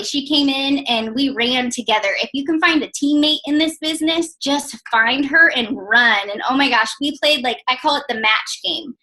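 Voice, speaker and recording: A woman's voice: high-pitched, sharp tone, poor audio. A woman in her twenties telling a chatty, emotional personal success story as a direct sales team leader, with many fillers. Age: 20s.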